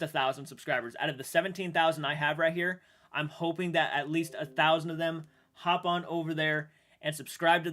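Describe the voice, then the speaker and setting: A man streaming live and chatting with viewers, emotional and halting, restarting sentences and swearing now and then while sounding shaken. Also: a little high, fairly bright tone. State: shaken and upset. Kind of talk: livestream chat with viewers.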